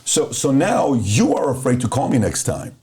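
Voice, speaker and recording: A middle-aged man from Iran tells a story in a mellow, warm voice. He hosts a casual chat and acts out the quotes he tells. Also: medium pitch, very animated, normal speed. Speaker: host.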